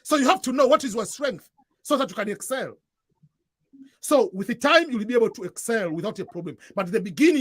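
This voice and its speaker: East African man with a high husky voice. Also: no room sound. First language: Swahili. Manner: earnest, repeats and restarts phrases. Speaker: guest giving advice to newcomers. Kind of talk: casual advice chat.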